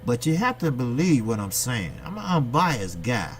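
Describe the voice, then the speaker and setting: A man's voice: medium pitch, very animated, moderate pace, slight background noise. A man from the United States hosting his boxing channel, giving a blunt, profane, opinionated monologue and firing rhetorical questions at his viewers. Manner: blunt, profane, ranting delivery.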